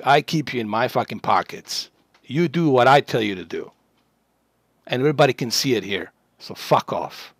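A man's voice: medium pitch, animated, normal speed, fairly bright tone, no echo, studio quality. A man from Bosnia, a livestreamer, delivering an aggressive, profane rant at a chat troll.

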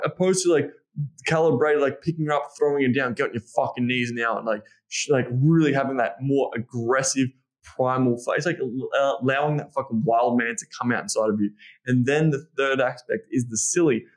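A man speaking as a podcast guest and intimacy coach. He talks in a casual, animated way, blunt and profane, with lots of fillers. His voice sits at a medium pitch for a man. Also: a little fast.

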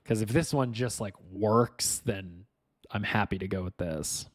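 A man's voice: lowish voice, unhurried. A man chatting casually to viewers on a live stream as he fixes his game setup, frustrated and self-mocking, muttering to himself.

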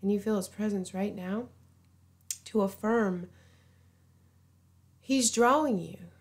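A woman giving an informal sermon, earnest and pleading, often dropping to a hushed voice. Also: medium pitch, takes it slowly. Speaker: preacher.

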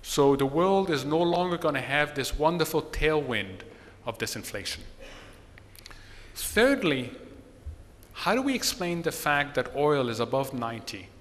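A man giving a measured, explanatory seminar talk in a conference hall. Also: fairly high pitch, expressive. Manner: measured, explanatory, tells a joke. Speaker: seminar speaker on the economy. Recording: long hall reverb.

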